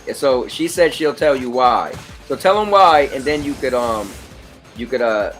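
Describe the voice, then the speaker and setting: Man, host, casual gaming chat, relaxed, mid pitch, faint music. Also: moderate pace. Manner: relaxed, reads out game stats. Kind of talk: casual chat while playing a game.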